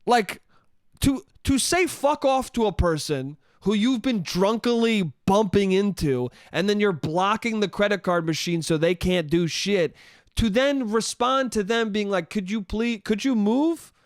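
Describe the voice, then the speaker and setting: High-voiced man ranting, comedy podcast. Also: lively intonation, measured pace, no room sound, clean studio sound. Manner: profane, exasperated ranting. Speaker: podcast host. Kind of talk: comedic solo storytelling.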